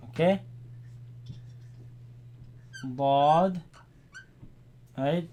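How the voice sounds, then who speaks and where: Quran teacher, man, unhurried and slightly high-voiced, patient step-by-step classroom delivery. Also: steady tone. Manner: repeats Arabic words slowly and loudly, checks in with "right?". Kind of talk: classroom Arabic lesson.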